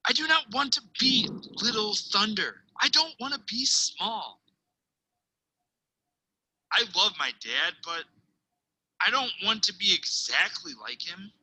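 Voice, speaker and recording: A teacher reads a picture book aloud to children in a bright, keen woman's voice. Her pitch swoops up and down as she tells the story, and she drops into hushed asides and dramatic pauses. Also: animated, slight background noise, poor audio.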